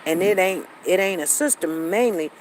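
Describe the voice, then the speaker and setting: A female show host in her forties tells her viewers a story conversationally, repeating lines and acting out what others said. Her voice is lowish and her pace moderate. The audio is poor, with faint road noise behind her.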